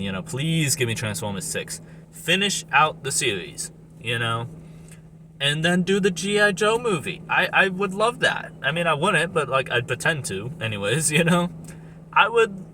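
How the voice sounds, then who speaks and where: Male reviewer, mid-pitched, loose profane rant, laughs a lot, steady noise and passing vehicles behind him. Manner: rambling, profane, animated, laughs often. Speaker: movie reviewer. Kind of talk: casual rant.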